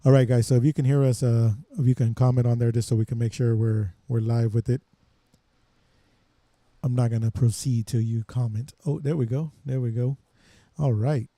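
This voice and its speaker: A man hosting a live podcast, chatting casually and haltingly with many fillers while checking his setup. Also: medium pitch, steady tone, dark tone, dry recording. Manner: loose, halting, lots of fillers while fixing gear. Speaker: podcast host. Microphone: headphones and desk mic.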